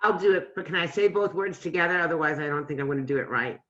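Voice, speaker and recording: Bright-voiced woman student, lo-fi sound. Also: low-pitched, fairly even intonation. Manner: self-deprecating, quick-spoken.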